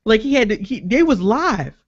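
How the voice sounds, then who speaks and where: The host here is a man with a high, husky voice at normal speed, telling an animated story on a laid-back podcast. He swears freely and acts out people's words. No room sound comes through, and the highs are cut off.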